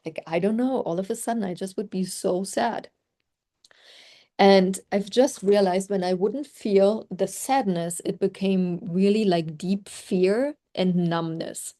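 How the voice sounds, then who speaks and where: Mellow-voiced woman coaching on a group call. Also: medium pitch, moderate pace. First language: German. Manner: chatty, reflective, many "like" fillers. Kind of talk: casual group call talk.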